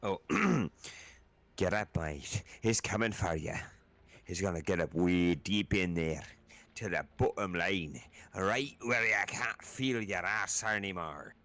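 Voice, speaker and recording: A man's voice: sits low, expressive, takes it slowly, fairly bright tone, no echo, full character voice. A man doing a crude, menacing figure in a put-on Scottish accent. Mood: taunting.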